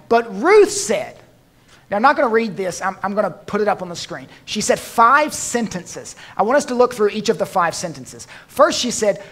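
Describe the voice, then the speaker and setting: Man preaching a slow, emphatic sermon. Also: high-pitched, big pitch swings. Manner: slows down and drops softly for emphasis, with dry humor. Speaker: pastor.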